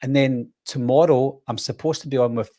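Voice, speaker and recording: A man's voice: mid-range voice, fairly even intonation, normal speed, warm tone. A man from the in his thirties, hosting a casual live-stream chat, talking in a chatty, rambling way and laughing easily. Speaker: host.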